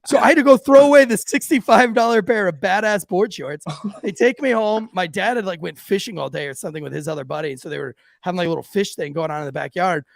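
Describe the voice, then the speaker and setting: Podcast host, male, gravelly upper register, dry close mic, rambling and profane storyteller. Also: high voice, quick pace, few pauses, no room sound. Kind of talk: casual storytelling.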